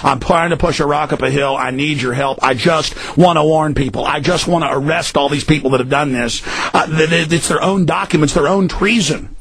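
A hoarse man hosting a talk radio show, ranting and pleading, shouting often with his voice breaking high. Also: a little fast, low-quality recording. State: hoarse from screaming. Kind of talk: impassioned talk radio rant.

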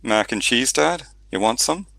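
A man's voice: medium pitch, animated, a little slow, vocal fry, pushed and bright, no room sound, exaggerated voice. A bubbly, joking young woman, read by a man. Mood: playful. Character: lively young woman, playful and hungry.

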